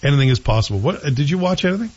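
A man's voice: a little high, expressive, very fast, husky, highs cut off. A man hosting a show, chatting casually and with strong opinions about a TV series he is watching. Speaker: show host. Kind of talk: casual TV review chat.

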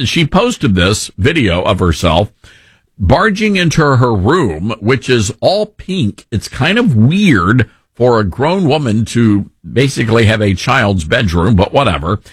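A man hosting a call-in talk radio show, animated and jokey, often repeating his words as he talks into a studio mic. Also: mid-range voice, unhurried, slightly rough, no echo.

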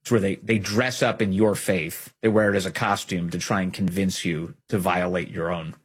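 A man's voice: low voice, fairly even intonation, normal speed, slightly rough. A man hosting an opinionated political commentary show, speaking emphatically and repeating key phrases for effect.

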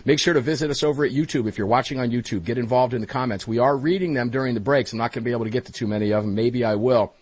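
A male talk radio host with a slightly husky voice, speaking into a studio mic in a very dry, dead room. He sounds energetic and chummy, calling his guests brother and talking straight to the audience. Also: medium pitch, very fast, hardly any pauses, no echo, rough recording. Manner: energetic, chummy, addresses listeners directly. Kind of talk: casual talk radio banter.

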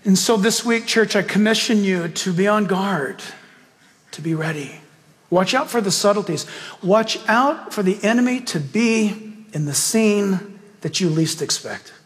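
A man's voice: high-pitched, expressive, unhurried, a bit bright, big-room sound. A male pastor preaching a sermon, telling a story with emphatic rhetorical questions and ending in prayer.

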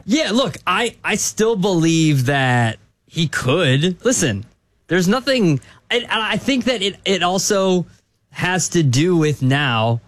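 A man's voice: sits high, sing-song, slow pace, a bit bright, dry recording. A man hosting a sports radio show, talking at length in a casual, hedging way. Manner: rambling, hedging with restarts.

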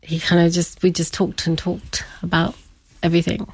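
A woman's voice: on the low side, little pitch movement, moderate pace, husky, no echo. A middle-aged woman telling a personal story as an interview guest, chatty, laughing often and acting out what family members said.

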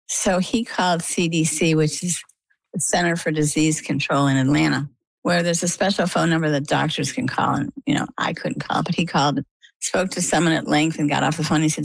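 Low-voiced, gravelly woman telling her story. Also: a little fast, no echo, poor audio. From Maine, US. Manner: lively storyteller, acts out quoted dialogue. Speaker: interview guest.

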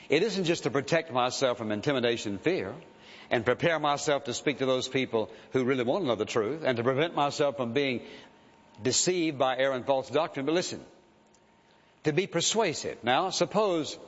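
A man's voice: medium pitch, lively intonation, fairly quick. A male pastor preaching a sermon with conviction, emphatic and insistent, often urging the listeners to listen. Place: church sanctuary. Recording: dull sound, long hall reverb.

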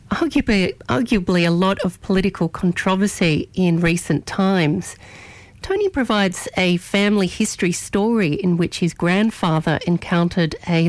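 Woman, radio host, opinion editorial, argumentative, lowish voice, dry studio sound. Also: a little mellow, dry recording. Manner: argumentative, deliberate, stresses key words.

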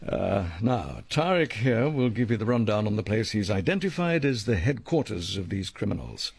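A gravelly, bossy ringleader. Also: male voice, on the low side, big pitch swings, normal speed, darkish tone, no room sound, exaggerated voice. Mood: commanding. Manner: clipped, bossy, formal phrasing. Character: commanding male ringleader planning a sting, dry, precise.

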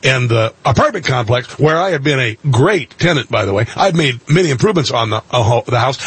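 A male radio and TV host telling a story in an excitable monologue, his voice jumping up into loud outbursts. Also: mid-range voice, a little fast, hardly any pauses, breathy edge, dry recording.

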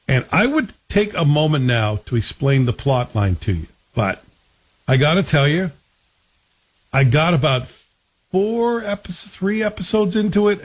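A man with a husky, slightly raised voice talks through a TV series in a relaxed, conversational way. He is chatty and wry and keeps turning to the viewer with asides. His speech stays informal and unscripted. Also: a little high. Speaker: TV show reviewer. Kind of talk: casual spoken review.

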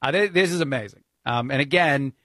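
A man's voice: mid-range voice, a little fast, a bit bright, no room sound. Man, New York accent, talk radio fill-in host, dry close mic, chatty with fillers. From New Jersey. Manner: conversational, frequent uh fillers. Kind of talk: political talk radio monologue.

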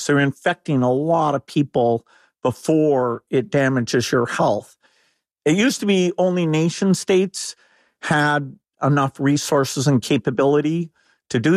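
A man's voice: mid-range voice, dry recording, clean studio sound. A man as a guest in an interview, arguing in an urgent, emphatic and incredulous way. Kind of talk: interview conversation.

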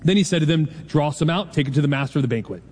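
Pastor in his forties, conversational and joking, slightly high voice, long church-hall reverb. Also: darkish tone, breathy edge. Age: 40s. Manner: conversational preaching, jokes with the congregation, quick asides. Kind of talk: sermon.

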